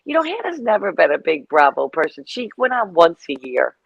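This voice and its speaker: A woman's voice: lowish voice, fairly quick, creaky, husky, no echo, dull audio. Middle-aged woman, chatty storyteller, casual interview guest, dry close mic. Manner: chatty, storytelling, animated asides.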